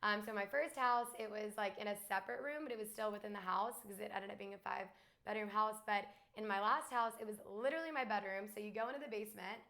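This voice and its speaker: A young woman from Alabama, a guest in a casual chat, talking fast with lots of fillers and laughs. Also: medium pitch, a bit bright. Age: young adult.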